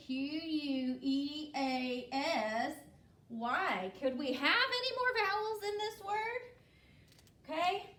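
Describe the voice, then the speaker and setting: Leading a spelling lesson, this female teacher speaks in a high, slightly bright voice, checking in with "okay?" at every step in a patient, instructive way. The recording picks her up from afar in a room full of echo.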